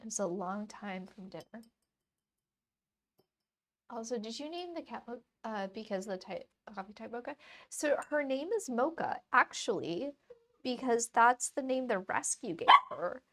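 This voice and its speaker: A woman's voice: fairly high pitch, animated, measured pace. A woman art streamer chatting casually and rambling on a live stream while she paints.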